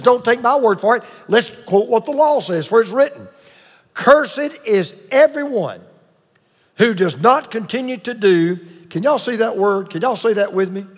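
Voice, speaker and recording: A man's voice: high-pitched, long reverb tail. A man preaching a sermon with emphatic delivery, repeating key points and calling on the congregation to answer. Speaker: pastor.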